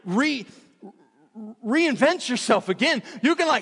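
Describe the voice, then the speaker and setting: A man's voice: on the high side, lively intonation, moderate pace, fairly bright tone, in a large hall. A man preaching a sermon in a church, emphatic and repetitive, often restarting his phrases.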